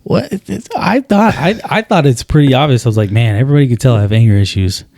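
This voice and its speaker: A man's voice: medium pitch, animated, fast talker, darkish tone, no room sound, clean studio sound. A man co-hosting a podcast, chatting casually in a rambling way, often restarting and quoting himself. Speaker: podcast co-host.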